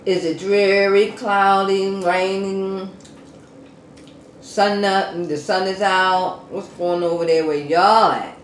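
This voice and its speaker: A woman hosting a home eating show, chatting slowly and casually to viewers between bites. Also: mid-range voice. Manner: slow, relaxed, murmuring between bites. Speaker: mukbang eating show host. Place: room at home. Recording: roomy echo, faint background hum.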